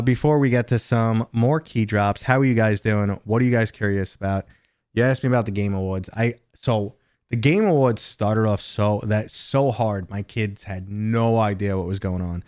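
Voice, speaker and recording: A man's voice: fairly low pitch, normal speed, darkish tone, clear, resonant tone, no echo, clean studio sound. A man from New City, chatting casually and joking with viewers while hosting a live stream. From New York City. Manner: rambling, joking, chatty asides to chat.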